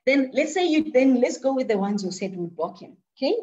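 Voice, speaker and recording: A woman's voice: sits high, expressive, brisk, dark tone, muffled recording. A woman leading an interactive online talk, asking the audience questions and often repeating words as she thinks aloud. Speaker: speaker leading an online discussion.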